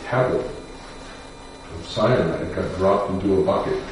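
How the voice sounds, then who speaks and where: A man, a defense lawyer, telling a personal story in a measured, somber way with pauses and fillers. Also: low voice, recorded from a distance, slight background noise. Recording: echoey room picked up from afar.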